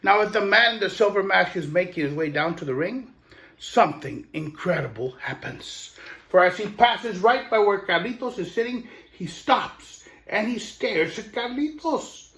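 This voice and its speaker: A man with a fairly high voice telling a children's story aloud. His delivery is lively and expressive, with playful asides to the listener. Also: normal speed. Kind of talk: oral storytelling.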